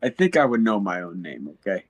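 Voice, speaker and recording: A man's voice: sits low, sing-song, brisk. A man streaming a game, joking around in playful, hesitant banter. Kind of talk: casual in-character banter.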